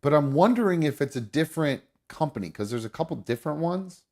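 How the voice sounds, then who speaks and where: A male host chatting casually on a live talk show. His pitch swings widely, lively and animated. He rambles, restarts sentences and swears freely. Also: fast. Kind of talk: casual chat.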